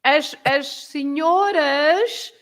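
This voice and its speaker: A woman's voice: high voice, drawn-out words, fairly bright tone. A woman whose first language is Portuguese, patiently explaining grammar step by step as a language teacher. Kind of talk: casual language lesson.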